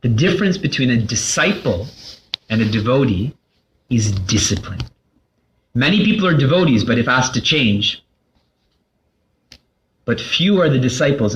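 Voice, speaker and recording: A man giving a spiritual talk to a class, asking questions and answering them himself in a lively, playful way. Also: medium pitch, moderate pace, pauses often, slight background noise. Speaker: spiritual teacher. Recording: slightly dull lo-fi recording.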